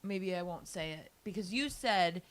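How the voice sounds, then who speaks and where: A woman co-hosting a podcast in casual chat, measured and a little hesitant. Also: on the low side, animated. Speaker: podcast co-host.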